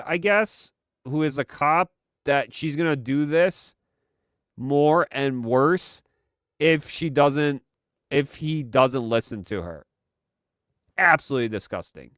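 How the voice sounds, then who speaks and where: Slow, exasperated male streamer. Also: mid-range voice, a bit bright, clear, resonant tone, dry recording, clean studio sound. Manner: sarcastic, exasperated. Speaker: streamer host. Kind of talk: live commentary stream.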